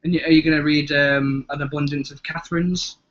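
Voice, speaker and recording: Young English man, bright lo-fi chat. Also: a little high, level tone, brisk. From England. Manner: rambling, hesitant, swears casually. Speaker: co-host of a live chat. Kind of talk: casual chat. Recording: dull lo-fi webcam audio.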